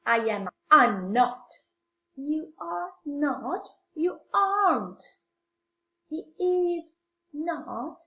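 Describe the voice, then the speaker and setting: Slow, patient Italian-accented woman teacher. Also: high voice, lively intonation. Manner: patient, repeats phrases slowly for learners. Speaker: English teacher. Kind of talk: slow classroom explanation mixing English and Italian. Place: at home. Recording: echoey room, dull lo-fi sound.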